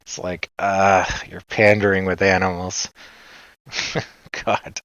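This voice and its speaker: A man's voice: low-pitched, flat delivery, takes it slowly, fairly bright tone, dry recording. A man with a Canadian accent hosting a casual livestream, rambling and joking as he chats. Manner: rambling, joking, laughs often. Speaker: livestream host. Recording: dull lo-fi sound.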